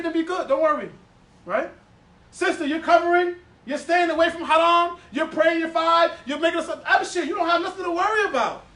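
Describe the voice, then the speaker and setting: Man, high voice, animated teacher working a room; recorded from afar in an echoey hall. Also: recorded from a distance. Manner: animated, playful, repeats words for emphasis, laughs often. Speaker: Islamic teacher giving a class. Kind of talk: lively classroom lesson with audience questions. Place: classroom or hall with a live audience.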